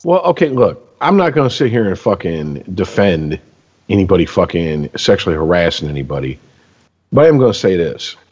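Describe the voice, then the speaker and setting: A man's voice: low-pitched, brisk, slightly rough, long reverb tail, lo-fi sound. A man ranting in profane casual sports chat as a podcast co-host. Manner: ranting, heavy swearing, animated.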